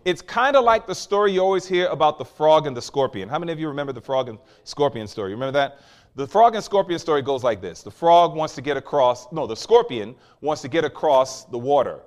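A man's voice: a little high, sing-song, a little fast. A man preaching a sermon, teaching with emphasis and asking the listeners questions.

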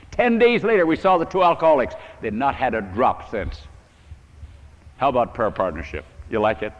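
A man's voice: medium pitch, animated, normal speed. A man preaching a sermon to a congregation, telling stories and acting out the prayers of people he met. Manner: storytelling, acts out prayers, earnest. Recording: dull old recording in a reverberant hall.

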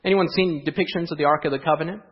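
A man delivers a sermon in a church, asking his listeners rhetorical questions. He drops into quiet asides, then lifts his voice for emphasis. His voice sits a little high, and the recording sounds dull and muffled. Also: rapid-fire, husky. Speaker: pastor. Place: church sanctuary.

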